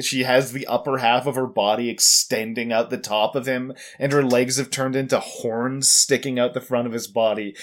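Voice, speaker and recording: A young man casually recapping an anime episode on a podcast, rambling with fillers and laughs. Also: mid-range voice. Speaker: podcast co-host.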